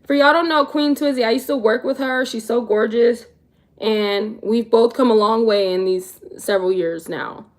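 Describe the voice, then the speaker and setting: Young woman vlogger talkin to her chat, laid-back and slangy, voice a bit on the high side. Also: normal speed. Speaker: vlogger answering live chat. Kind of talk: casual livestream chat.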